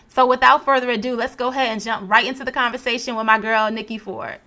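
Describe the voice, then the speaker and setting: A woman with a fairly high, steady voice speaks fast, sounding bright and forceful. She's a podcast host in a casual interview, chatting enthusiastically with her guest and laughing often.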